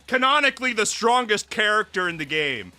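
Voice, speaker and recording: A man streaming live, reacting to a game, excitable and breathless from laughing hard, swearing often. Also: sits high, brisk. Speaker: VTuber streamer. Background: faint background music.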